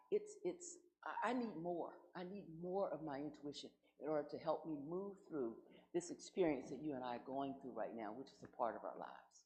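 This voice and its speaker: A woman's voice: deep voice, a little mellow, slight background noise, rough recording. A woman guest minister giving a conversational sermon, posing rhetorical questions to her congregation.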